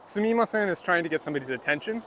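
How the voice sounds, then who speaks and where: A man's voice: high-pitched, animated, rapid-fire, fairly bright tone, slight background noise. A man casually live-streaming while walking outdoors, chatting loosely with many fillers and asides as he explains things to his chat. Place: outdoors on a rural walk.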